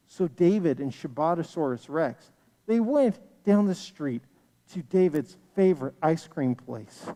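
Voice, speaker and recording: A storyteller narrating a children's story with an animated, sing-song delivery. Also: medium pitch, moderate pace, in a large hall. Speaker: storyteller at a congregation livestream. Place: synagogue sanctuary.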